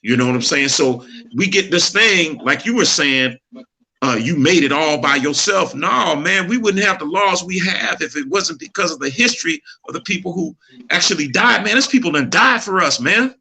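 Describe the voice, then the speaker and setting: A middle-aged man with a very bright, fairly high voice talks in a relaxed chat. He preaches earnestly and tells a personal story, laughing easily as he goes. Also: normal speed, vocal fry. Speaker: podcast co-host.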